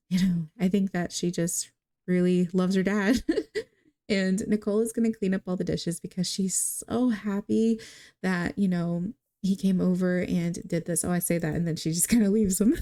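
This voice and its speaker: A woman's voice: mid-range voice, normal speed, dark tone. Giggly woman narrating a life-sim game. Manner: chatty, giggly, addresses viewers. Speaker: gaming video creator. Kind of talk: casual gameplay commentary.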